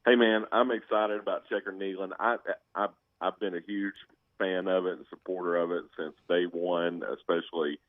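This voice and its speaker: Deep voiced fan calling in, tinny phone line, chatty storyteller. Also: male voice, normal speed, no room sound. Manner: storytelling, animated, laughing. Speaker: caller, fan. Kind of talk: casual chat.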